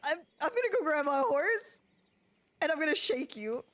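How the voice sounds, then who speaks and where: A woman in a casual roleplay chat, bubbly, quick to laugh and swearing freely. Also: high-pitched, big pitch swings, a bit bright, a little hiss or hum. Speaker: deputy roleplayer.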